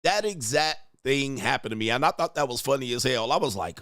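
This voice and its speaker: Male host, crude jokes, rambling, mid-pitched voice, dry close sound. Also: lively intonation, fairly quick, fairly bright tone, dry recording. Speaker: host commenting on video clips. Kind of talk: reaction commentary.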